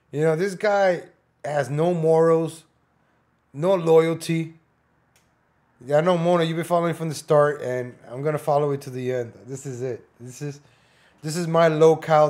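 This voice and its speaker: A man's voice: on the high side, a little mellow. A man hosting a reaction commentary, talking bluntly over a clip, mocking and swearing freely. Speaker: commentary host.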